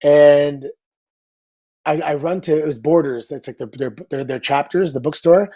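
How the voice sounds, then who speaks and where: Man, middle-aged, fairly high voice, upbeat storyteller, casual asides. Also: husky. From Canada. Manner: lively anecdote teller, upbeat, quick asides. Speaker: guest.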